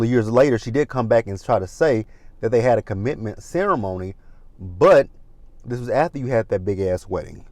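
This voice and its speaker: In a mid-range, somewhat mellow voice with no echo, a man hosts a casual recap of reality TV. He keeps it chatty and gossipy, with plenty of asides and profanity.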